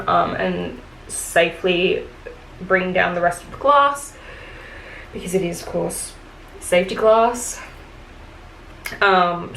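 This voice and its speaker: Doing her makeup at home, this beauty vlogger rambles through a casual story in a lowish, slightly bright voice with a gravelly fry, peppering it with "like" and "um." The recording has room echo and a faint hiss behind it.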